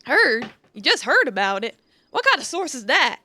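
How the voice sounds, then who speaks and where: A woman's voice: high-pitched, very animated, normal speed, pushed and bright, full character voice. A woman voicing a skeptical young female outlaw with a put-on Southern drawl, blunt and scoffing. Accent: put-on American Southern drawl.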